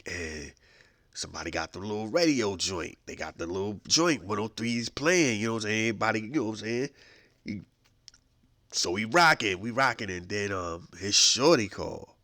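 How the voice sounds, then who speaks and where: A man hosting a podcast who tells comic stories in an animated, slangy way and acts out the scenes. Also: on the low side, moderate pace, no room sound, studio quality. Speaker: podcast host. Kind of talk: comedic storytelling with acted voices.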